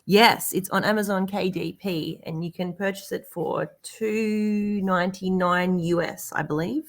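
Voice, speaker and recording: A woman's voice: on the low side, fairly even intonation, measured pace. A woman from Australia with an Australian accent, a guest author chatting candidly on a podcast and laughing often. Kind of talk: casual chat.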